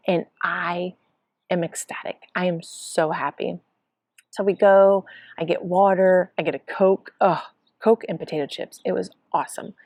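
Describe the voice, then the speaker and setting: Middle-aged woman coach, lowish voice, giddy and chatty, recapping her own race. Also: no echo. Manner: excited, breathless storytelling with acted-out quotes. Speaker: triathlon coach. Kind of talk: casual spoken race report.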